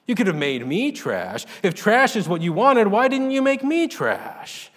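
A man's voice: on the high side, very animated, moderate pace, fairly bright tone. A man voicing a proud, churchgoing farm woman who talks in fierce, indignant outbursts. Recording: long reverb.

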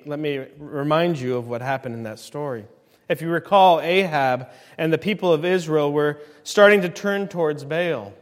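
A man in his thirties preaching a sermon as a pastor, swinging from quiet, low passages to loud, ringing climaxes. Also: in a large hall.

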